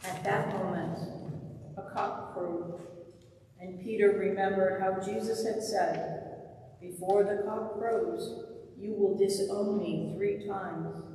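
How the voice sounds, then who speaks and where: Lector, Passion reading, measured, very echoey church, distant mic, faint noise. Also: medium pitch, a little mellow. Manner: slow, measured, formal. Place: church sanctuary.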